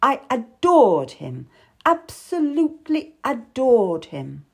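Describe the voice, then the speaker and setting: A woman's voice: a little high, big pitch swings, takes it slowly, vocal fry, breathy edge, voice pushed up, heavily acted. A woman voicing a worldly, tough middle-aged lady courtier who speaks wistfully and with sudden bitterness, for an audiobook. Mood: bitter. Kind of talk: audiobook character voice.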